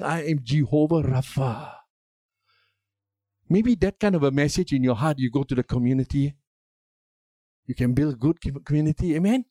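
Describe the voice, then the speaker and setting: Older male pastor, emphatic sermon delivery with call-and-response, slightly high voice, dry close sound. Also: dark tone, no echo.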